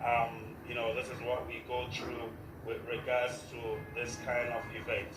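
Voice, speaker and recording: A man's voice: medium pitch, completely flat delivery, normal speed, roomy sound, noisy background. A man hosting a live radio show in a formal, repetitive manner, with a short prayer. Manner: formal, repeats "of course" often. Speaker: radio host.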